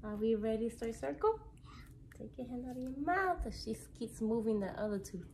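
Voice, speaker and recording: A mother leading a morning circle at home, patiently asking her child simple questions in a gentle, coaxing way. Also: fairly high pitch, lively intonation, a little fast, slight background noise. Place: home, partly near sunlight indoors.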